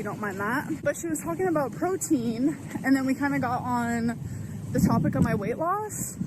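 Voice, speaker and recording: A woman's voice: high voice, very noisy. A woman talking casually to her camera as a vlogger, chatty and full of "like.". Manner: chatty, peppered with "like". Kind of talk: casual vlog chat. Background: background music.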